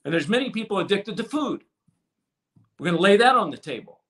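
A man preaching a sermon with passion, swinging from loud to hushed and repeating words as he restarts phrases. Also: high voice, expressive, brisk. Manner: impassioned preaching with sudden swings from loud to soft. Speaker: pastor.

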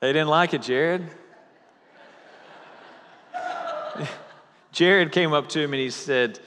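Preacher in a reverberant sanctuary. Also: male voice, a little high, a bit bright, slight background noise. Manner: jokey opening, then slow emphatic repetition. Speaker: pastor. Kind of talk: sermon. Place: church sanctuary. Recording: long hall reverb.

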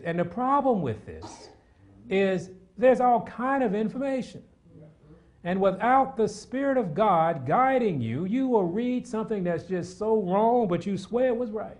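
A middle-aged man preaching a sermon, animated and repetitive, with asides to the congregation. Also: high voice, a little slow.

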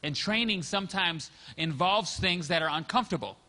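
High, bright-voiced pastor preaching. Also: male voice, normal speed, in a large hall. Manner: conversational storytelling, acting out quoted dialogue. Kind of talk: sermon.

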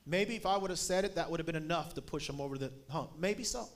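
A middle-aged man preaching a sermon as a guest speaker, telling a story and building up to shouted emphasis. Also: fairly high pitch, quick pace.

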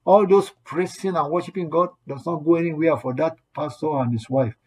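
A man delivers an earnest, exhorting sermon, repeating his points and quoting scripture along the way. His voice sits on the high side, a little mellow and husky, and he talks slightly fast.

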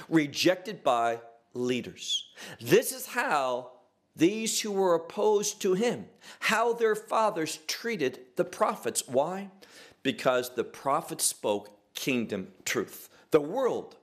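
A man preaching a sermon, emphatic, asking rhetorical questions and drawing out key words. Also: mid-range voice.

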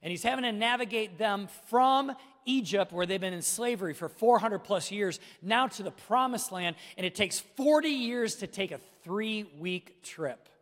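High-voiced middle-aged pastor, hall echo. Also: male voice, expressive, normal speed, fairly bright tone. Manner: emphatic preaching, addresses listeners directly. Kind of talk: sermon.

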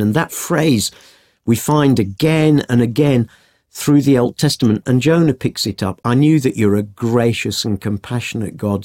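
A man's voice: mid-range voice, moderate pace. A man teaching a Bible story in a conversational podcast, acting out the quotes as he tells it. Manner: animated storytelling with acted-out quotes.

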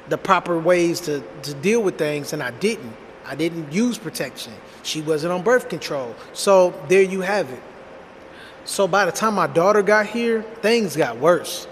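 A man in his thirties telling a personal story in a blunt, animated, slangy way, speaking straight to his viewers. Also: a little high, long reverb tail, a little hiss or hum. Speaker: storytime vlogger. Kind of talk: casual storytelling monologue.

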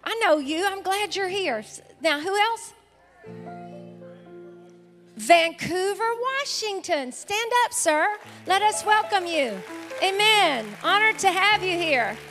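Speaking slowly but animatedly, this woman pastor has an extremely high, pushed, bright voice that leaves a long reverb tail. She has a Southern accent and enthusiastically calls out to the congregation in a large sanctuary, welcoming visitors during a live service where music and crowd noise can be heard.

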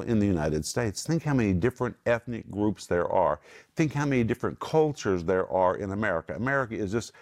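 A man's voice: on the low side, darkish tone. Emphatic middle-aged man teaching the Bible. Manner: emphatic, slows down to stress key words. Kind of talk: Bible teaching with scripture quotes.

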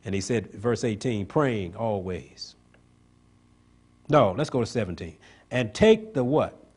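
A man's voice: lowish voice, big pitch swings, measured pace, darkish tone, breathy edge. A man preaching a sermon, pushing each point up into emphatic, rising climaxes and drawing call-and-response from the congregation. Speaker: pastor.

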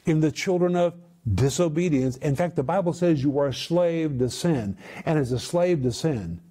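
A man's voice: on the high side, dark tone. A man preaching a sermon, explaining Greek word meanings and driving his points home with emphatic repetition. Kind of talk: sermon teaching.

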